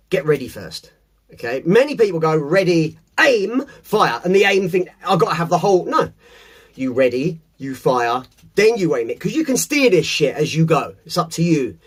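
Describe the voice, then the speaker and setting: Playful host, high and lively, cursing his way through a pep talk to camera. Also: husky. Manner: swears often, animated and playful. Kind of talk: casual motivational monologue to camera.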